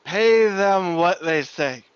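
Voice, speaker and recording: Guy doing a drunk crude sheriff, drawls, kinda high voice, dry dull sound. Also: animated, slow pace, clean tone, no room sound. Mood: gruff. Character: gruff drunk male town sheriff, slow and crude.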